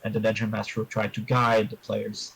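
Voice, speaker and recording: A man answering interview questions about his tabletop game in a measured, explanatory way, giving advice to other players. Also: on the low side, monotone, vocal fry, fairly bright tone, breathy edge, low-quality recording.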